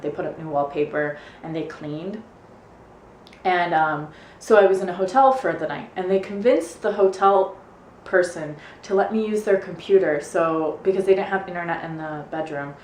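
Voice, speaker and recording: A woman's voice: fairly low pitch, reverberant, a little hiss or hum. A young woman in her twenties from the United States, casually telling a story in a vlog and acting out what everyone said. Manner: chatty, animated retelling with quoted asides. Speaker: vlogger.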